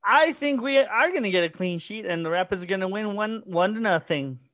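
A man co-hosts a casual sports podcast, giving brief agreeable replies and reading sponsor spots. His voice sits high for a man. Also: animated, brisk, fairly bright tone. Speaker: podcast co-host.

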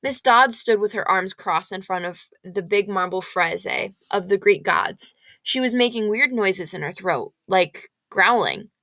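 A woman reading a novel aloud in expressive first-person storytelling. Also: mid-range voice, a little slow, hardly any pauses, dry recording.

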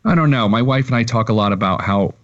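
A man's voice: lowish voice, fast talker, dull audio. A man who works as a financial planner, a guest on a podcast, talking candidly with self-deprecating humor and open emotion. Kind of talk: casual remote interview.

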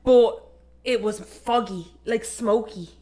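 Taking it slowly in a slightly high voice, a young Irish-accented woman co-hosting a podcast tells a ghost story conversationally. She performs the characters' voices with animation and leans heavily on "like."

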